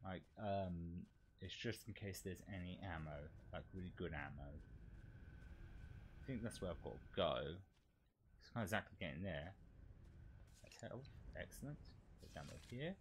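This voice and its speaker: A man streaming a shooter game, talking through his play in casual commentary and swearing excitedly at the enemies. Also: sits low, moderate pace, pauses often, slight background noise. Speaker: VTuber streamer. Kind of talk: live gameplay commentary.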